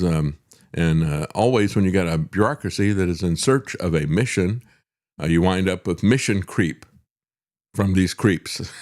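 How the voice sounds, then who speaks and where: An older man hosting a talk show, giving a sarcastic political monologue with chuckling asides and frequent "uh" fillers. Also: mid-range voice. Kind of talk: opinionated political commentary monologue.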